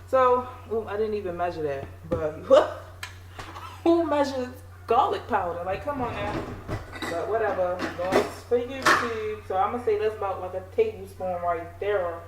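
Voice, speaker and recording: A woman chats and jokes at her own expense while she cooks, talking straight to camera in a relaxed, self-mocking way. The sound is an echoey home kitchen with steady background noise. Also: medium pitch, measured pace. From Maryland. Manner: chatty, joking, self-mocking. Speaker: home cooking vlogger. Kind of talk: casual cooking chat to camera.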